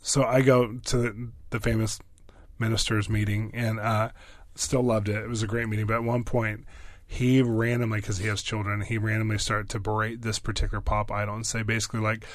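A pastor being interviewed, telling stories in an excitable way with many fillers and quick bursts. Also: male voice, on the low side, no room sound. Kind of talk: animated storytelling.

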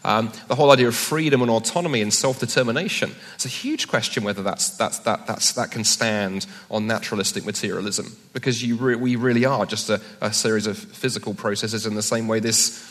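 A man speaking at a live public debate, animated and joking with quick asides. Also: fairly low pitch. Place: event hall with audience. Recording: long reverb of a hall.

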